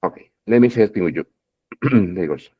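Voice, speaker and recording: Male English teacher, animated pitch, keeps asking "okay?", dull video-call sound. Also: fairly quick, husky. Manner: keeps checking in with "okay?", repeats words, addresses students fondly. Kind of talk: online English grammar lesson.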